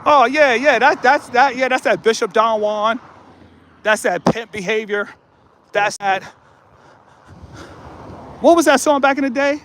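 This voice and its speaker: A man streaming live from a mountain path, talking casually into his phone. His voice sits high for a man. He jokes, teases and riffs with his viewers in an easy, playful flow. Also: unhurried, long pauses, fairly bright tone, a little hiss or hum. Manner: joking, playful, riffs with chat and laughs often. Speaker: livestream host. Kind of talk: casual livestream chat while walking. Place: outdoors on a mountain trail, then a tunnel.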